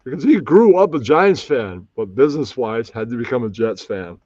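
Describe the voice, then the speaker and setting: A man's voice: medium pitch, expressive, moderate pace, a little mellow, dry recording, dull audio. A man hosting a casual live stream, rambling and often losing track of names. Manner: rambling, loses names, puts on mocking voices. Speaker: stream host.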